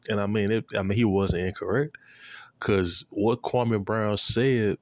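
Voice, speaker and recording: Deep-voiced young man rambling casually. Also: fairly even intonation, measured pace, dry recording. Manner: loose, profane, full of fillers and slang. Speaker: vlogger.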